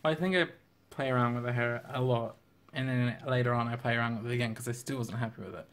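Young man, giggly, casual art chat, mid pitch. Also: steady tone, quick pace, fairly bright tone. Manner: giggly, drops into squeaky mock voices. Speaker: artist and channel co-host. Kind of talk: casual chat over a drawing video.

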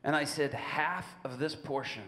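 A man's voice: fairly high pitch, normal speed. Man preaching in an echoey hall. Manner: acts out dialogue in lively bursts, drops to hushed tones. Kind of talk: sermon storytelling with interpreter. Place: large church hall. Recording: church hall reverb.

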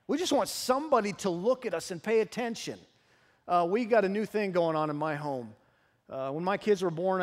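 Man, pastor, sermon, high voice, lively humorous storytelling, long church reverb. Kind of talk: sermon with personal stories. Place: church sanctuary.

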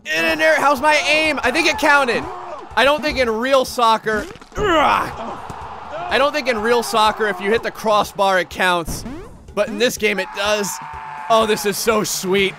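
A man excitedly commentating his own gameplay, often shouting and laughing at what happens on screen. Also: very high voice, unhurried, music in the background. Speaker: gaming channel host.

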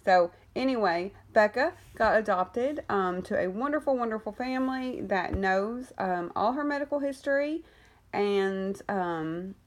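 In a mid-range voice at a measured pace, a woman who rescues and fosters cats rambles through a casual vlog update on her kittens. She says um a lot, coos fondly at the cats from time to time, and coughs while getting over an illness.

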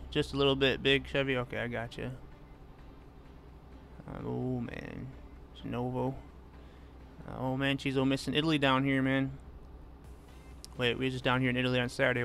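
Chatting with his audience as he drives in a truck game, a gaming streamer reads out their messages and answers people by name in an easygoing way. His voice is mid-range and a bit bright, with some vocal fry.

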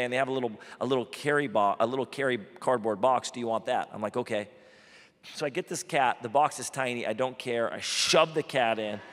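A male pastor telling a funny personal story in a sermon, animated and self-deprecating, with quick asides. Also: medium pitch. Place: church auditorium. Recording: large hall with long reverb.

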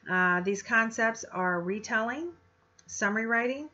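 A woman's voice: on the high side, unhurried, sharp tone. A woman teacher giving an informal, chatty lecture with many fillers and restarts. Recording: slightly dull lo-fi audio.

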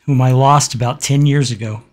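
A man hosting a casual game video, talking in a halting, reflective way with many pauses and fillers. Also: medium pitch, fairly even intonation. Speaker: gaming channel host. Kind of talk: casual let's-play commentary with a personal story.

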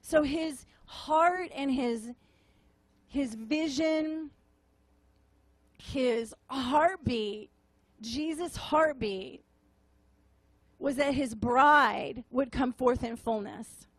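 Woman preacher, high voice, unhurried delivery, tearful and halting, close dry sound. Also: dry recording. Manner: tearful, halting, repeats words, gentle. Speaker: prophetic minister. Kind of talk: emotional sermon testimony. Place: meeting room with audience.

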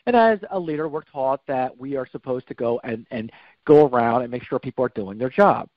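A man's voice: mid-range voice, fairly quick, no echo. A man as a podcast guest, telling a personal story in a rambling way and often correcting himself. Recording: slightly dull, dry recording.

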